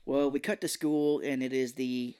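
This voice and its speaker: A man co-hosting a film podcast in casual chat, retelling scenes with quick impressions. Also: mid-range voice, flat delivery, a little mellow, clean tone. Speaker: podcast co-host.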